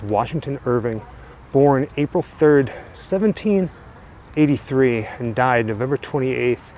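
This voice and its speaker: A man's voice: mid-range voice, animated, a little slow, a little mellow. A man narrates a walking-tour vlog, chatty and enthusiastic as he shows viewers around. He talks into a handheld camera mic outdoors, with faint traffic passing behind him. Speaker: travel vlogger. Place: outdoors in a cemetery by a busy road. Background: faint cars and trucks.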